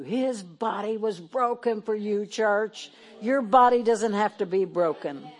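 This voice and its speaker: An older woman pastor with a drawl preaches to her congregation in a church. She reads scripture in a measured cadence, then slips into folksy, chatty asides. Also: medium pitch. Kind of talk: sermon with communion. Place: church sanctuary. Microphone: handheld or podium mic.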